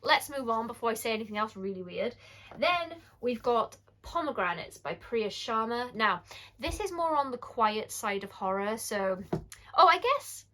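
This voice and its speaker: A woman's voice: on the high side, animated, fairly bright tone. Chatty British woman reviewing horror books. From United Kingdom. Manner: chatty and candid, rambling with quick self-corrections and asides. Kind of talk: casual book-review vlog.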